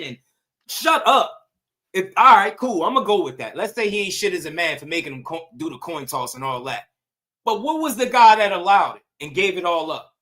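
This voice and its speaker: A man with a high, bright voice rants in casual boxing commentary. He talks in loose slang, swears freely and fires off one rhetorical question after another. His tone stays heated and combative throughout. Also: lively intonation, normal speed.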